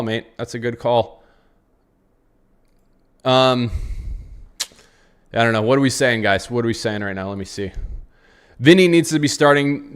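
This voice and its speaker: An American football channel host, frustrated, reacts live after a match while reading chat. He rambles, repeats phrases, and answers comments in a mid-range voice.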